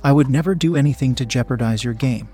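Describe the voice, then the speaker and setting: A man's voice: medium pitch, fast, mellow, slightly rough, soft background music. A man voicing a teasing young woman in a read-aloud story, gasping and pleading with mock innocence.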